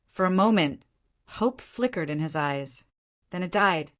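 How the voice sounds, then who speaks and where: A woman narrating a scripted romance story in a dramatic, measured way. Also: fairly low pitch, expressive.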